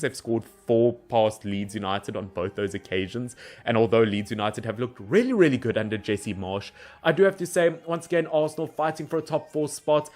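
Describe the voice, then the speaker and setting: A young man talking through football predictions in a casual solo vlog, animated, and speaking straight to the teams as he goes. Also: fairly low pitch. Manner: animated, addresses teams directly.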